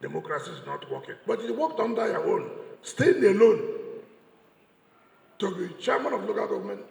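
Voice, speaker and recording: High-pitched and expressive with vocal fry and a darkish tone, a man with a Nigerian English accent speaks at a moderate pace. He gives a combative political speech in a large, echoey church hall with long reverb, mocking his opponents and repeating lines for emphasis.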